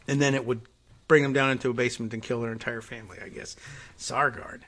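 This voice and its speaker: A man's voice: medium pitch, steady tone, quick pace, fairly bright tone. A man hosting a political talk show, reading news items aloud and breaking off into sarcastic, rambling asides full of fillers. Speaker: podcast host.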